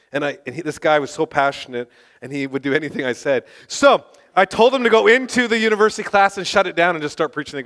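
A high-voiced man preaches to a group, sharing testimony stories in a sermon with passionate excitement. He rambles and restarts, then surges into loud, fired-up bursts.

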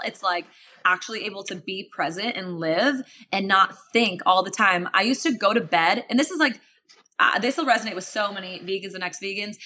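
Animated young woman, bright voice. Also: mid-range voice, a little hiss or hum. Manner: animated, acts out her past self in quoted asides, swears casually. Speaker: podcast guest. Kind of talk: casual interview chat.

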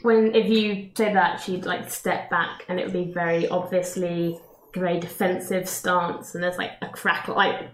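Woman at a tabletop game, lower voice, echoey room, faint hiss. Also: little pitch movement, moderate pace. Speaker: player.

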